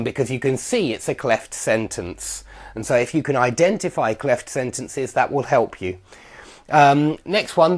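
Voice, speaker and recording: A man teaching an English grammar lesson, explaining patiently with fillers and self-corrections, saying example sentences slowly and clearly. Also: mid-range voice, a little mellow.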